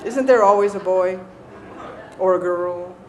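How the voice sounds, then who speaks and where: A woman's voice: on the low side, a little slow, darkish tone, slight background noise. A woman with a Southern American accent tells a personal recovery story to a live audience, self-mocking and conversational, often checking in with "right?". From Southern United States. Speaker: recovery speaker.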